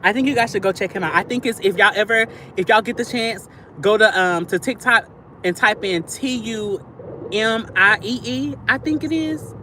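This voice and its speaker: A woman's voice: medium pitch, moderate pace, bright, forceful tone, slight background noise. A woman chatting casually to viewers on a livestream, gushing and chatty, calling them "y'all" and "sister.".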